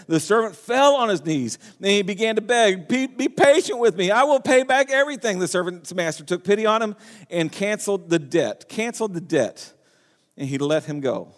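A man preaching a sermon in earnest, reading scripture aloud and often restarting his phrases. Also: fairly high pitch. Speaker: pastor. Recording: long hall reverb.

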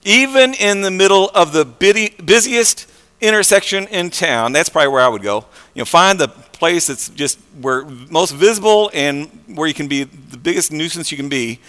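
A man preaching a sermon in a conversational, animated way, with frequent fillers and restarts. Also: a little high, normal speed, long reverb tail.

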